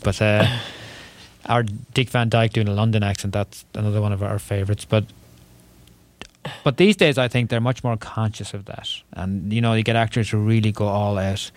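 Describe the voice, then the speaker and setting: An Irish man talks as an interview guest, rambling happily with small jokes and laughs. His voice sits low. The sound is close and dry, like a studio booth. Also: steady tone, normal speed, no echo. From Ireland. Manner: chatty, joking, laughs often. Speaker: author guest. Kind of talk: interview conversation.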